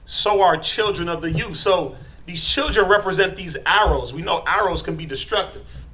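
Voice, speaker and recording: A middle-aged man teaching a Bible class, quizzing his students and tagging his points with "right?", building to forceful emphasis. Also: sits high, normal speed. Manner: asks the class questions, tags lines with "right?".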